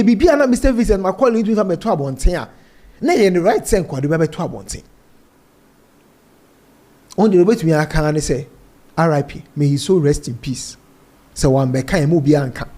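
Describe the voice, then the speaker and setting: A man's voice: high-pitched, darkish tone. A man with a Ghanaian English accent presenting entertainment gossip, reading out social media comments and mixing English with Twi.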